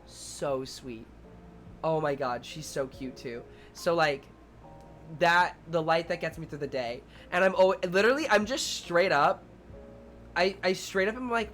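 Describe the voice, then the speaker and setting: With soft background music, a young man speaks a little slowly in a voice on the high side. He's a preschool teacher and streamer telling animated stories to viewers, voicing the children and himself and cursing casually.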